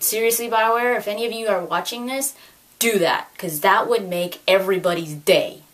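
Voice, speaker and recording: A woman in her twenties chatting excitedly about gaming news with lots of fillers, recorded at home. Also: mid-range voice. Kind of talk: casual chat.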